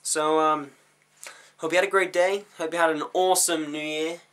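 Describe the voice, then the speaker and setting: A young man recording a random, jokey vlog to his camera at night, mumbling asides and then shouting punchlines. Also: on the high side, flat delivery, normal speed. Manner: goofy, jumps between mumbles and sudden shouts. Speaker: vlogger. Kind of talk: random comedic vlog talk.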